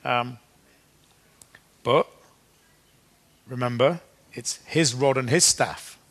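A man's voice: mid-range voice, fairly bright tone. Man preaching in a conversational way. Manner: conversational, with fillers and restarts, slowing for scripture readings. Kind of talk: sermon.

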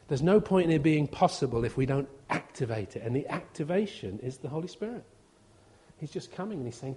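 A man's voice: on the high side, animated, brisk, dark tone. Man preaching a chatty sermon. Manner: chatty, humorous, acts out quotes. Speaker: visiting preacher. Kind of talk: informal sermon.

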